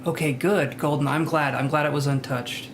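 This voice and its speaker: A man's voice: on the high side, steady tone, normal speed, background noise. A man hosting a live tarot reading stream, chatting casually, greeting viewers by name and joking about himself.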